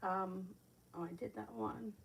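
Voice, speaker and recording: A woman's voice: mid-range voice, steady tone, measured pace, gravelly, a little hiss or hum. A woman reading viewers' questions aloud and answering them as a tarot reader on a live stream, chatting and laughing between readings.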